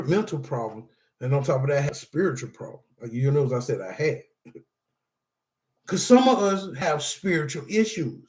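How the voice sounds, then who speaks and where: Guy w doing a support group talk, preachy, keeps cracking up, high voice, echoey room. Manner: laughs often, animated, addresses viewers as y'all. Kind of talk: casual preaching-style talk to camera.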